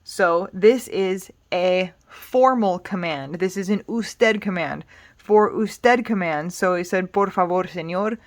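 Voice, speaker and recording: A woman teaching Spanish grammar in a relaxed, explanatory way, patient and reassuring, thinking aloud with small fillers. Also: on the low side, takes it slowly. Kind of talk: casual explanatory lesson.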